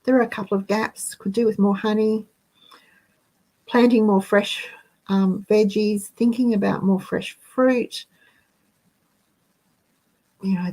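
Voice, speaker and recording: Slow-talking woman host. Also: medium pitch, creaky, mellow, low-quality recording. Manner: chatty, reads out viewer comments. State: out of breath. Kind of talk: casual live-stream chat.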